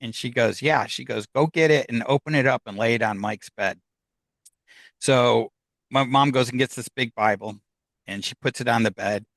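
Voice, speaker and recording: Animated man telling a story, dry sound. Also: medium pitch, normal speed, no room sound, low-quality recording. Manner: animated, acts out quoted dialogue, laughs between lines. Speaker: podcast guest. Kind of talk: casual storytelling.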